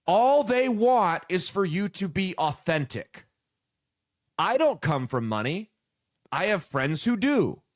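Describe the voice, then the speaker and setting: Blunt, animated Midwestern man ranting. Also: high-pitched. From American Midwest. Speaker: political commentary host. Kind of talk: casual political commentary.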